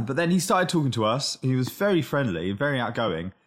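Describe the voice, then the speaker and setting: A man's voice: medium pitch, sing-song, brisk. A man from Britain and Ireland co-hosting a podcast, telling stories in a rambling way and correcting himself as he goes. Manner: rambling anecdotes with self-corrections. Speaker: podcast co-host. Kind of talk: casual chat.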